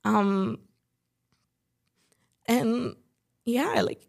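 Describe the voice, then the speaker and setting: A woman's voice: medium pitch, normal speed, creaky. A young woman from Chicago, a podcast guest, talking in a casual, chatty way and leaning heavily on "like" and "you know". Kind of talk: casual interview chat.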